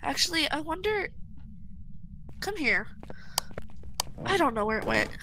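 Excitable woman in noisy voice chat. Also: sits high, unhurried. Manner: excitable, laughing, bossy with teammates. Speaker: game player. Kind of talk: casual gaming chat.

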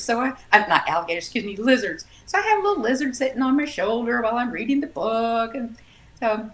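A woman author chatting casually as an interview guest, telling stories with animated laughs. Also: a little high, fast talker.

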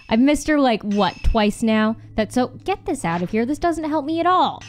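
A young woman streamer doing let's play commentary in a horror game, swearing and yelling at enemies. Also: high voice, lively intonation, moderate pace, slight background noise. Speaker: gaming streamer.

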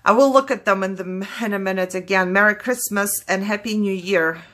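Tearful woman, bright tone, candid and apologetic, swinging up and down. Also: medium pitch, brisk. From Germany. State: fighting back tears. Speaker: craft vlogger opening mail. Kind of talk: casual voice-over while opening mail.

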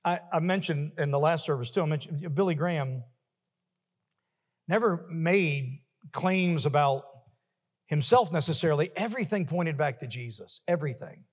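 A male pastor preaching a sermon emphatically, building to forceful refrains. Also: on the high side, moderate pace, husky, long reverb tail. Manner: emphatic, rising to forceful peaks with repeated refrains. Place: church sanctuary.

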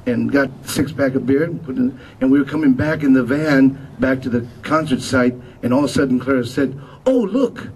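Distant man telling an animated story. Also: medium pitch, brisk, hardly any pauses. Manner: animated storyteller, acts out quotes. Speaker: musician giving a memorial tribute. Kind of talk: anecdotal speech to an audience. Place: memorial gathering room. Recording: distant mic with faint noise.

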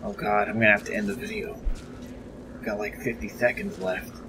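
A man's voice: lowish voice, little pitch movement, normal speed, noisy background. A man giving casual, chatty commentary while playing a spooky game, easily rattled and joking to himself. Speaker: gameplay commentator. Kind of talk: casual let's-play commentary.

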